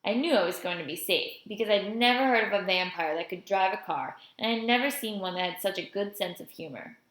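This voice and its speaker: A woman reading a children's novel aloud in a steady first-person storytelling voice. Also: mid-range voice, brisk. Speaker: audiobook reader. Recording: roomy echo.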